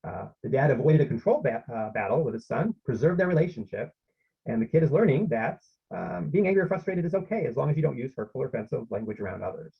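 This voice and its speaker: Raspy, animated man presenting a workshop, video call, lo-fi. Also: medium pitch, quick pace. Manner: conversational, with many fillers and restarts. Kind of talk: informal online workshop talk. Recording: slightly muffled lo-fi audio.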